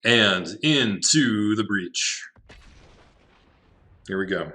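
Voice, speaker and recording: Low, bright-voiced man muttering gameplay commentary. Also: animated, drawn-out words. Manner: talks to himself, wry, laughs at his own jokes. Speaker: game streamer.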